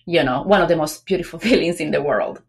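A pregnant woman talking as a guest on a business podcast, chatty and lively, acting out quoted remarks between many fillers. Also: low-pitched, fast talker. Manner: animated, acts out quoted voices, many fillers. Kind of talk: casual interview talk.

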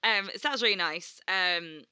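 A woman's voice: fairly low pitch, moderate pace, sharp tone, clear, resonant tone, no echo. A woman co-hosting a podcast, telling stories animatedly and swearing freely as she acts out quotes. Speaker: podcast co-host. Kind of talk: casual chat.

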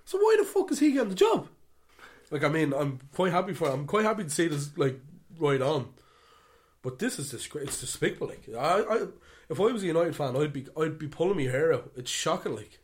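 A man co-hosting a football podcast, ranting animatedly and swinging between loud outbursts and muttered asides. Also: on the high side, very animated, fairly quick. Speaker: podcast co-host. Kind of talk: casual football chat.

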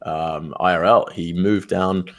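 A young man, a streamer telling a story in casual chat, animated and full of swearing. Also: low voice, measured pace. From Australia. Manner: animated, swears a lot, acts out quoted voices.

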